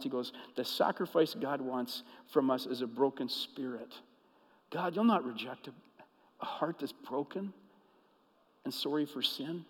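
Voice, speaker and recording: Preacher man in a reverberant hall. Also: mid-range voice. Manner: storytelling preacher, swings from hushed to emphatic. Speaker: pastor. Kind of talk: sermon.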